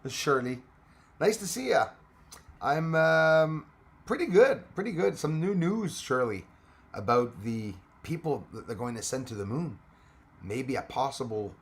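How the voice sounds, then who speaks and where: Man, livestream host, casual and chatty, greets viewers, laughs a lot, medium pitch. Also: gravelly. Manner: chatty, greets commenters by name, laughs often. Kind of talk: casual live chat with viewers.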